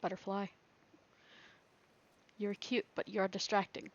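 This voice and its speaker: A woman's voice: medium pitch, level tone, takes it slowly, highs cut off. A woman playing a survival game and thinking aloud, chatty and rambling, laughing often. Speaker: gaming video creator. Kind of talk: thinking aloud during gameplay.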